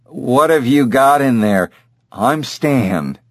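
A man's voice: mid-range voice, animated, slow, dry recording, clean studio sound, voice pushed up. A man doing an easygoing young store clerk. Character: friendly young male pet store clerk.

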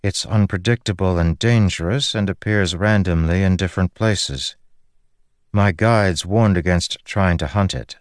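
Man doing a calm, guarded woman warrior. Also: low-pitched, a little slow, no echo. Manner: calm, dry, understated.

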